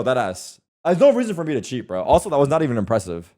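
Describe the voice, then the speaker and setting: A man's voice: mid-range voice, very animated, fast talker, hardly any pauses, a little mellow. A young man streaming live, bantering with his chat in a loose, defensive way and swearing freely.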